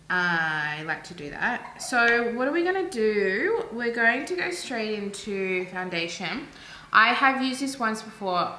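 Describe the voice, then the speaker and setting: A woman in her thirties chatting casually through a makeup routine at home, going off on animated rants. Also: medium pitch, a little hiss or hum. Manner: chatty, ranting, animated asides. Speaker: beauty vlogger. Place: room at home. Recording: echoey room, faint ambience.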